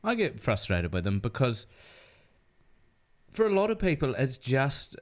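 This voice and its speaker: A man's voice: mid-range voice, measured pace. A man with a New Zealand accent, a comedian guest in a podcast studio, chatting casually and acting out the people in his stories. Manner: animated storytelling, swearing, acting out quoted people. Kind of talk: casual chat.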